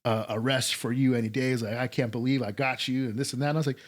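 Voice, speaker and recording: A man's voice: mid-range voice, steady tone, fast talker. A man telling a story as a podcast guest, laid-back and profane, acting out quotes from others. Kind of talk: casual storytelling.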